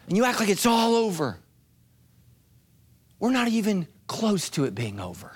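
A man's voice: on the high side, sing-song, moderate pace. A male pastor preaching a sermon with dramatic, emphatic delivery.

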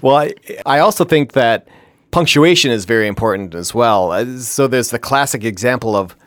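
A man from Wisconsin co-hosting a podcast, casual and halting, with dry joking asides. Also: medium pitch, lively intonation, fairly bright tone, dry recording. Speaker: podcast co-host. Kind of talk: casual chat.

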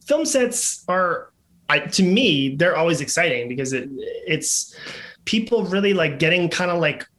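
Bright, rambling enthusiastic man. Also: a little high, animated, a little slow. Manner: rambling, many restarts and likes, enthusiastic. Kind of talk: casual chat.

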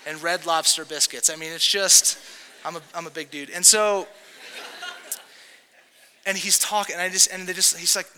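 Bright-voiced preacher man in a hall. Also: sits high, little pitch movement, moderate pace, long pauses, smooth. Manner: casual, joking preacher who acts out quotes. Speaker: pastor. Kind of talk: sermon. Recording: long hall reverb.

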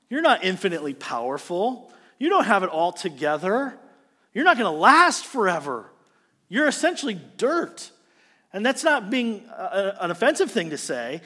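A male pastor preaching a sermon, animated, swinging between loud emphasis and quiet, earnest passages. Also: sits high, big-room sound.

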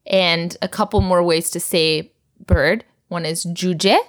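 A woman with a lowish voice teaching a recorded language lesson. She drills each word patiently, repeating it slowly and clearly. She breaks into light laughter often. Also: fairly even intonation.

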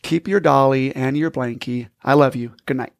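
A man voicing a gentle, loving father speaking softly in a storytelling podcast. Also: high voice, sing-song, moderate pace, vocal fry, no echo, clean studio sound, full character voice.

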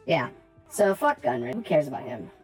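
A woman's voice: sits low, big pitch swings, moderate pace, darkish tone, soft background music, rough recording. A woman playing Flem, a crude goblin wizard. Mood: smug. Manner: crude, brash, dismissive.

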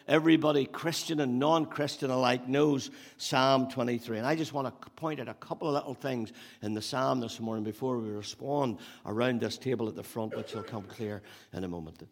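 A male pastor giving a sermon, building up to loud emphatic repeated phrases and dropping back to storytelling. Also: mid-range voice, fairly quick, creaky. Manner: preaching with rising emphatic repetition. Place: church hall. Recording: long hall reverb.

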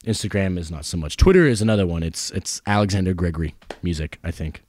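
A man's voice: low voice, quick pace, darkish tone, no echo, studio quality. A man who is a musician guest on a podcast, talking in a laid-back, casual way with lots of filler words. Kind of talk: casual chat.

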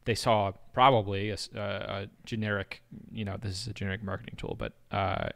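Lower-voiced man, chatty podcast host. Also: fairly even intonation, brisk, vocal fry, a bit bright, dry recording. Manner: chatty, laughs often, many fillers. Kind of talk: casual podcast chat, retelling a story.

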